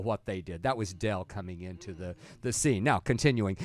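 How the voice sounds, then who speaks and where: A man co-hosting a talk show in casual chat, rambling and halting, with some profanity. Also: sits low, no room sound, clean studio sound.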